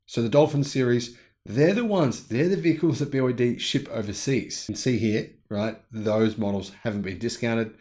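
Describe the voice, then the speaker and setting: A man's voice: fairly low pitch, a little mellow. A man hosting his own channel, giving casual, opinionated commentary and thinking aloud as he goes. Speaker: YouTube channel host. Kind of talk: casual commentary on news reports.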